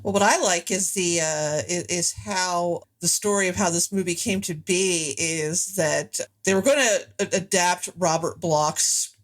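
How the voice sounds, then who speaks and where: A woman's voice: on the low side, measured pace, hardly any pauses. A woman co-hosting a podcast, chatting casually about a film and trading dry, sarcastic quips. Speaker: podcast co-host.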